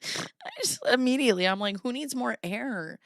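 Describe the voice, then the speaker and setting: A woman's voice: on the high side, lively intonation, normal speed, gravelly, a bit bright, no echo, clean studio sound. A woman in her thirties hosting a casual livestream, giggly and often breaking into laughter. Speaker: streamer host.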